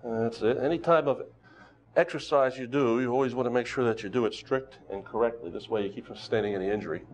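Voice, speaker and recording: A man teaching karate who leads students through a warm-up, calling out exercises and teasing them with jokes. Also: mid-range voice, quick pace. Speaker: karate instructor. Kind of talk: leading a warm-up on a local TV show. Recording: dull lo-fi TV studio sound.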